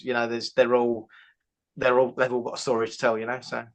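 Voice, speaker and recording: Fast-talking flat man. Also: mid-range voice. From England. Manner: rambling, restarts, fast and flat. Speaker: band member, karaoke host. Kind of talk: casual interview chat.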